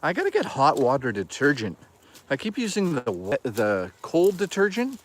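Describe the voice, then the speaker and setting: A man's voice: on the high side, huge pitch swings, moderate pace. A man live-streaming from a woodland hike, rambling and swearing as he jokes and reads chat. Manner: rambling, profane, jokey. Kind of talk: casual live-stream chatter.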